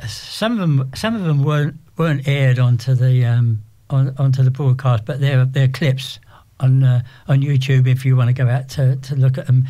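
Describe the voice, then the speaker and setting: An older English man talking as an interview guest, rambling and halting with frequent restarts. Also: medium pitch, steady tone, dark tone. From England. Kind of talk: casual interview.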